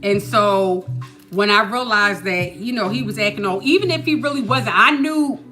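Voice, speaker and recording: A woman hosting a podcast, telling a story in a casual, animated way and asking "you know what I mean" often. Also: mid-range voice, normal speed, faint music behind. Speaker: podcast host.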